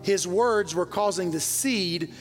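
A man's voice: high-pitched, slow. A middle-aged pastor from the American South preaching a sermon to his congregation, telling stories and rising to fervent intensity. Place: large church hall. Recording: reverberant church hall with soft music.

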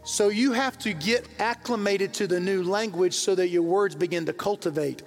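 A middle-aged man preaching in a big church hall, his voice high and gravelly with fry. He tells his stories plainly, then climbs into fervent, rising intensity. Long reverb trails off each phrase, and soft music plays underneath. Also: moderate pace. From American South. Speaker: pastor. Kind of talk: sermon.

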